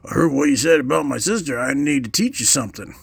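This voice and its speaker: A man voicing a big, menacing schoolyard bully who yells threats and demands in a retold comic story. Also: medium pitch, animated, fast, vocal fry, slightly rough, dry recording, full character voice.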